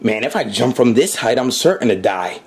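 A man's voice: medium pitch, lively intonation, normal speed, a little mellow, close to an everyday voice. A man reading aloud the lines of a young boy hero, in a plain voice only a little raised. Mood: wary. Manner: read aloud plainly from on-screen text.

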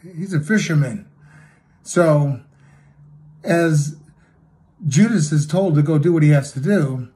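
Mellow-voiced male preacher telling a story. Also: on the high side. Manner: storytelling with acted quotes, swinging between loud and hushed. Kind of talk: sermon.

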